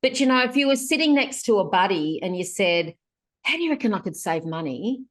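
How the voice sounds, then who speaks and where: A woman speaks as a guest on a podcast, chatty and colloquial. Her voice sits in a middle pitch. She talks easily and in a lively way. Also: moderate pace. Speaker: guest, productivity author. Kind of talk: casual podcast chat.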